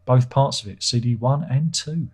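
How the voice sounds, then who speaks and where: A livestream host chatting loosely to his viewers, self-deprecating and casual with his swearing. His voice is dark and mellow with some huskiness in it. He talks into a home streaming microphone. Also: mid-range voice, moderate pace. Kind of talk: casual chat reading viewer comments.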